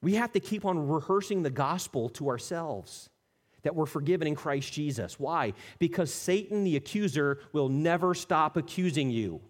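A man preaching a sermon as a pastor, animated, acting out the people he quotes and dropping to soft, intimate tones. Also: on the high side, normal speed. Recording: long reverb of a church hall.

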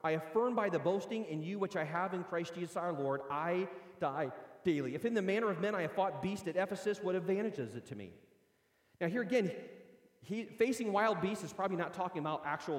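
A man delivers a sermon with a high, ringing voice. He swings from loud proclamation down to quiet, low asides. The sound is roomy, with a long hall reverb trailing each phrase. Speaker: pastor.

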